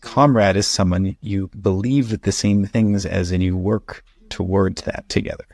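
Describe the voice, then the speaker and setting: Dry-witted low-voiced male teacher. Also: fairly even intonation, a little slow, vocal fry, darkish tone. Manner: dry, teasing, explanatory. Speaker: English teacher. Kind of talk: one-on-one conversation lesson. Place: at home.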